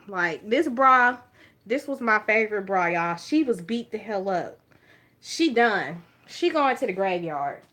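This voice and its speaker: A woman's voice: fairly high pitch, fairly bright tone. A woman with a Southern US accent chatting casually to her viewers from her makeup table at home. She talks candidly, jokes, and keeps addressing her audience directly. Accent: Southern US, Alabama. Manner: candid, joking, talks straight to viewers as y'all. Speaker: vlogger. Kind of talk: casual chat to camera.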